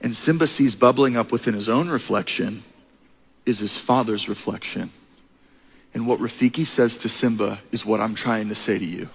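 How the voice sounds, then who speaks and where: A man preaching a sermon, telling a story in an animated, earnest way. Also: lowish voice, moderate pace, vocal fry, slightly rough. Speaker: pastor. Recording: echoey hall with long reverb.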